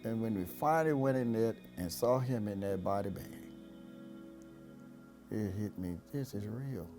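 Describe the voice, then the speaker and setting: An older man, a pastor, giving a halting personal testimony that rises and falls sharply, with repeated words. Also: on the low side, music in the background.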